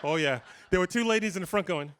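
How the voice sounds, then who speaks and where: Slight background noise accompanies a man in his fifties speaking quickly in a high voice. He's a guitarist telling humorous anecdotes to a live clinic audience, animated and laughing often in casual storytelling.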